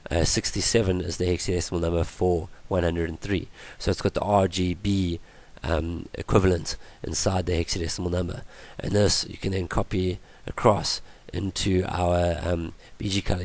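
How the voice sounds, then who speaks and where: A man explaining web page coding in a screen-recorded tutorial, his voice worn from illness, halting with many ums and restarts. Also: deep voice, little pitch movement. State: voice going from illness. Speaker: tutorial presenter.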